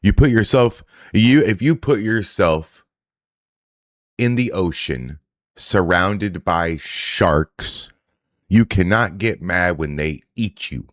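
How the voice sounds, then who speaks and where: A man's voice: low voice, no room sound, clean studio sound. A man giving blunt, profane reaction commentary on video clips, often sarcastic.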